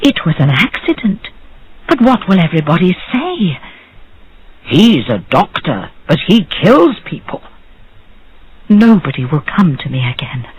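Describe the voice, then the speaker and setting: A man's voice: fairly high pitch, very animated, unhurried, long pauses, husky, muffled recording, full character voice. A storyteller voicing a worried doctor who talks fretfully to himself and schemes his way out of trouble. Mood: anxious. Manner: anxious, scheming inner voice. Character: worried middle-aged male doctor.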